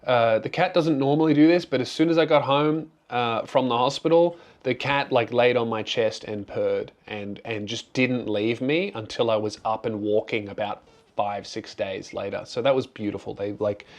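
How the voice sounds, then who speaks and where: A young man talks openly in a relaxed question-and-answer chat, sincere and thankful. He often restarts his sentences and circles back as he works out what he wants to say. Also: mid-range voice, moderate pace. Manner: earnest, grateful, rambling with restarts. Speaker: comedian and channel host. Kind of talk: casual, candid Q&A talk.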